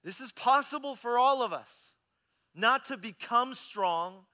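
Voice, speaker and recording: A man in his thirties preaching a sermon as a pastor, telling a personal story in an animated, conversational way. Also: extremely high pitch, measured pace.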